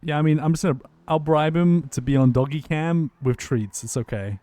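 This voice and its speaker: A man's voice: a little high, moderate pace, dark tone, dry recording. A man chatting casually on a live stream, rambling with lots of restarts and frequent swearing.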